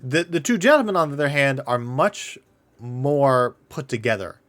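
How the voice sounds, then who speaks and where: A man's voice: medium pitch, lively intonation, normal speed, a bit bright. A man acting as game master, narrating a tabletop game casually, with many fillers. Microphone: desk microphone.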